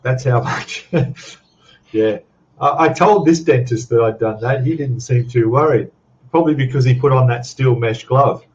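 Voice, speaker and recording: With a mid-range, slightly mellow voice at normal speed, an older Australian man rambles and chuckles through a casual livestream chat, reading out his viewers' comments. The sound is lo-fi.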